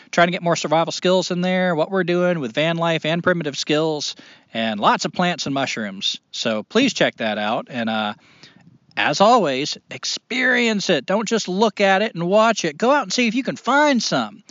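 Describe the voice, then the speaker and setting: A man's voice: on the high side, a bit bright, no room sound. A man hosts a casual podcast in an earnest, rambling way, full of fillers and restarts. The sound is dry and a little dull. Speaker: podcast host.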